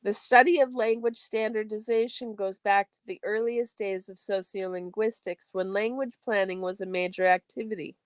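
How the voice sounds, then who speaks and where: A woman's voice: mid-range voice, moderate pace, few pauses, clean tone, no echo. Woman reading a textbook aloud, dry sound. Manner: steady, careful reading with occasional self-corrections. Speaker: study stream host.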